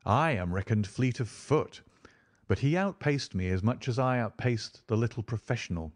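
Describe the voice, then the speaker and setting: A man reading an audiobook aloud in a steady, dramatic storytelling manner. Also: mid-range voice, moderate pace. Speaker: audiobook narrator. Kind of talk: scripted narration.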